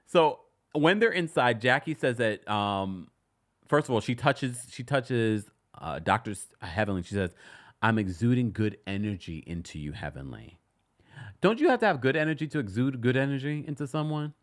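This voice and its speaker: Chatty guy recapping reality tv, voice all over the place, squeaky when shocked. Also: normal speed. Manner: animated, bursts into high-pitched exclamations and laughs; chatty, many restarts while retelling scenes. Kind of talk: casual commentary recap.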